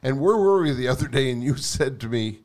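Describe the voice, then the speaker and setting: A man co-hosts a podcast in relaxed chat. He asks questions and answers with short remarks, and his voice moves up and down a lot. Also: mid-range voice, a little fast. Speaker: podcast co-host. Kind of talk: casual chat.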